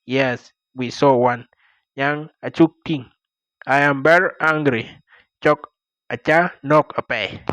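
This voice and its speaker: Dinka-accented guy teaching vocab, slow and repetitive, dry close sound. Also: medium pitch, fairly bright tone, smooth, dry recording. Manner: repeats each phrase slowly, explaining word by word. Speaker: language teacher. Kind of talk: language lesson.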